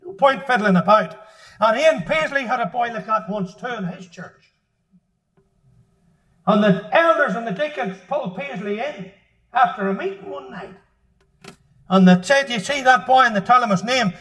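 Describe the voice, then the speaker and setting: A man preaching a sermon in a fervent, emphatic way, building at times to shouts. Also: extremely high pitch, lively intonation, moderate pace, long pauses, breathy edge, poor audio.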